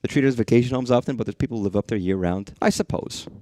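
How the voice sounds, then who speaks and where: A man's voice: medium pitch, very fast, dark tone, slight background noise. A man streaming a horror game, rambling and swearing freely as he talks to the things on screen. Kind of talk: casual live-stream commentary.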